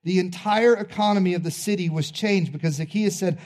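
Animated preacher with a mellow voice. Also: male voice, high-pitched, brisk. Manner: animated storytelling, conversational. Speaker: pastor. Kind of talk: sermon.

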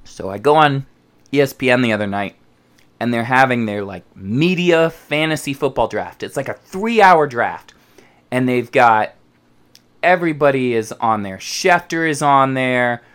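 A man's voice: mid-range voice, a little slow, clean tone. A man hosting a football podcast, ranting casually and profanely, sometimes mocking how other people talk. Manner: profane, animated, mocks others' voices. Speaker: podcast host.

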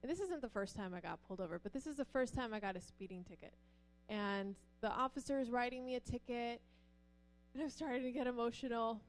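A middle-aged pastor's wife telling personal stories to a church audience, acting out the voices in her stories. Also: a little fast. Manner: animated, acts out quoted voices with rising pitch.

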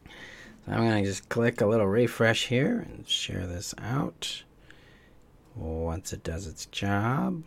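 A man acting as coach and course teacher, explaining ideas gently and reflectively during a live online teaching session, with small restarts as he thinks. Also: mid-range voice, sing-song, takes it slowly, creaky, breathy edge.

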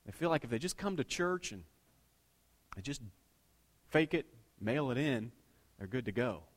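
A middle-aged man preaching a sermon as pastor, telling everyday stories and swinging between hushed remarks and loud, emphatic lines. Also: mid-range voice, sing-song, normal speed.

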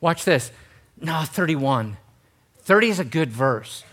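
A man in his forties preaching a sermon as pastor, animated and acting out quoted voices, with joking, self-deprecating asides. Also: slow. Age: 40s. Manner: animated, acts out quoted voices with big pitch jumps. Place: church sanctuary.

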